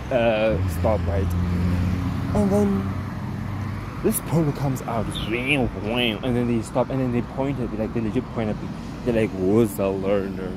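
A young man from South Africa, a student, telling a story to his vlog in a lively, animated way and acting out the other people in it. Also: medium pitch. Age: young adult. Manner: animated, acting out dialogue in quick bursts. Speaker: vlogger. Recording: outdoor street noise.

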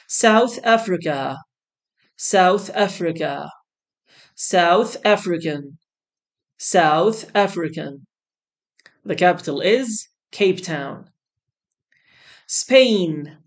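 A woman teaching a beginner English lesson, saying each word twice, slowly and clearly. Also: lowish voice. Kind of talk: slow beginner English lesson, repeating words.

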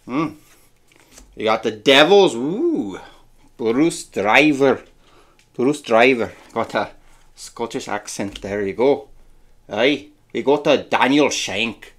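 Casual male vlogger, mid-pitched, chatty, thinks out loud. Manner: chatty, muses aloud with hums. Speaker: card-opening vlogger. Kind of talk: casual unboxing chat.

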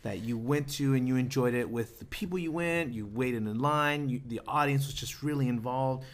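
A man's voice: medium pitch, normal speed. A man hosting a casual movie podcast, rambling and hesitant, asking the others questions. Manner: rambling, hesitant, many fillers. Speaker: podcast host. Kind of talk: casual chat.

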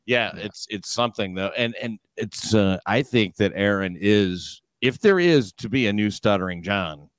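A man's voice: fairly low pitch, animated, moderate pace, few pauses, no room sound. A man hosting a podcast, asking curious questions in a chatty way and laughing along. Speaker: podcast host. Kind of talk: casual podcast interview.

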